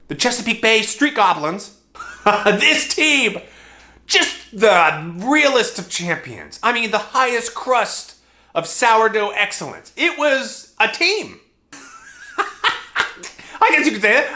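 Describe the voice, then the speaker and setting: A man's voice: high-pitched, sharp tone. A young man telling a comedic childhood story in a vlog, exaggerating and laughing at his own jokes.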